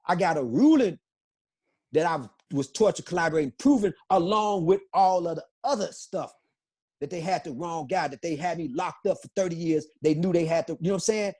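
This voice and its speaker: Husky, insistent middle-aged man. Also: on the high side, brisk, a little mellow. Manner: emphatic, repetitive, insistent. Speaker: guest. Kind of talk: impassioned interview storytelling.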